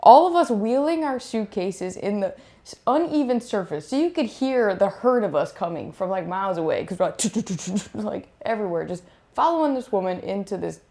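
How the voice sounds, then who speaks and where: A woman's voice: mid-range voice, fairly quick. A young woman, a beach volleyball player, casually retelling a chaotic trip and acting out what people said. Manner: animated, acts out quotes. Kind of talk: casual storytelling chat.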